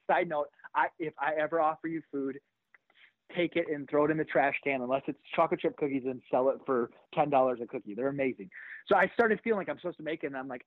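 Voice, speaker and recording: A middle-aged man, a pastor, tells a story with lively, animated delivery, slipping into the voices of the people he describes. His voice sits a bit high and comes through thin and tinny, like a phone line. The sound is dry, with no room around it. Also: quick pace, no room sound. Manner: animated, acts out quoted voices. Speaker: pastor and author. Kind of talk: storytelling in an interview.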